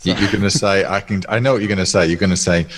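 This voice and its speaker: A man's voice: low voice, fairly even intonation, racing. A man with a British accent, a podcast guest talking in an easygoing, casual way over a video call and laughing often. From United Kingdom. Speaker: podcast guest, software creator. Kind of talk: casual chat.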